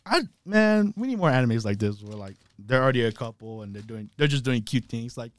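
A man's voice: mid-range voice, lively intonation, brisk, dry recording. A man co-hosting a podcast, chatting casually about anime, laughing often and acting out characters' lines. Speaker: podcast co-host. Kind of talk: casual chat recapping anime.

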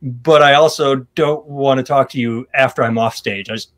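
A man's voice: medium pitch, steady tone, moderate pace, fairly bright tone. A man and stand-up comedian, talking in casual chat with stammering restarts and rambling asides.

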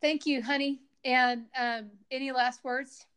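A woman's voice: high-pitched, steady tone, a little slow, a bit bright, smooth. A middle-aged woman hosting a podcast, chatting casually and enthusiastically. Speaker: podcast host. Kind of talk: casual chat.

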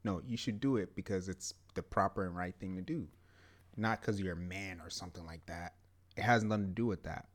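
A young man with a fairly low voice co-hosts a relaxed podcast conversation. He talks emphatically and circles back on his points, stacking up "yeah"s as he goes. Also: a little fast. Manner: emphatic, repeats "yeah" and "to be honest". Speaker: podcast co-host. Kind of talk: casual chat.

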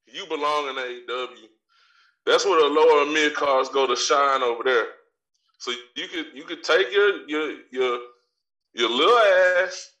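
Brash male podcast ranter, bright edgy tone, a bit far from the mic in a roomy space. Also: on the high side. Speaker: podcast co-host with a wrestling segment. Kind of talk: profane ranting commentary. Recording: echoey room, voice off-mic.

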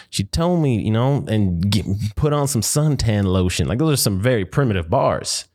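A man's voice: fairly low pitch, lively intonation, normal speed, few pauses, darkish tone. A man hosting a casual commentary show, talking through clips in a laid-back, rambling way with many fillers. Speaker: host.

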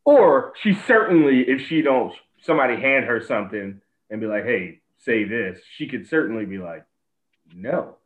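A man's voice: medium pitch, animated, brisk, few pauses, poor audio. A man co-hosting a podcast in casual chat, rambling through his points with frequent restarts. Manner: rambling, with many restarts and fillers. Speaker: podcast co-host.

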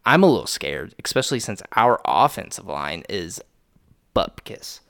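Gravelly low man in a put-on country drawl. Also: big pitch swings, normal speed, a bit bright, dry recording, studio quality. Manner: putting on a joking country accent; loose, swearing banter. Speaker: podcast co-host. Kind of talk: casual chat.

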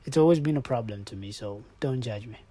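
A man's voice: medium pitch, fairly quick, mellow. Playful man. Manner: playful, rambling, answers listener questions aloud. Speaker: podcast host. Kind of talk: casual podcast chat.

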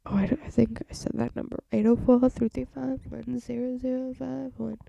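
A woman's voice: on the high side, little pitch movement, fairly quick, vocal fry, warm tone, no echo, dull audio. A young woman hosting her own podcast, rambling in an offhand, self-mocking way as she chats alone. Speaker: podcast host. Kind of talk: casual solo chat.

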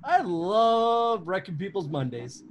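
A man's voice: high voice, slow. A man on a video call casually telling an amused story about a work mix-up. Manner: chatty, amused, animated when he quotes people.

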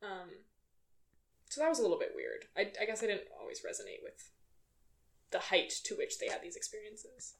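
A woman's voice: mid-range voice, wildly swooping pitch, gravelly. A young woman co-hosting a casual podcast chat, chatty and laughing often. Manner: chatty, laughing, quick asides. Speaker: podcast co-host.

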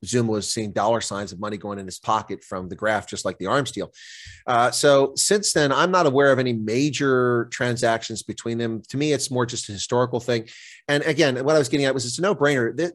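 A man's voice: mid-range voice, no echo. A man giving a guest interview on politics, speaking with indignant, impassioned emphasis. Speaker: guest commentator.

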